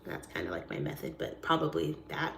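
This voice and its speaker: A woman's voice: sits low, big pitch swings, a little fast, creaky, slight background noise. Goofy chatty woman in an echoey room. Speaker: realtor. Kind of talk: casual live-stream chat. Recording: roomy echoey sound.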